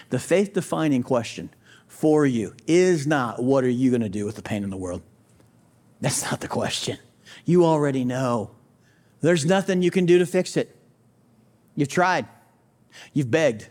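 A man with a high voice preaches a sermon, stacking short repeated lines for emphasis. He talks straight to the listener and throws out rhetorical questions like a pastor addressing doubters. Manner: emphatic, repetitive preaching cadence.

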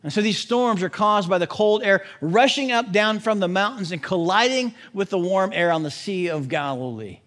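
A man preaching a sermon, animated, swinging between loud emphasis and hushed drops. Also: high-pitched. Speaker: pastor.

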